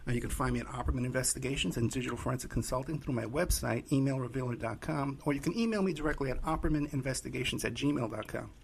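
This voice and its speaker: A man's voice: mid-range voice, fast talker, creaky, hardly any pauses. A man hosting a podcast interview, talking casually and loosely with many fillers. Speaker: host.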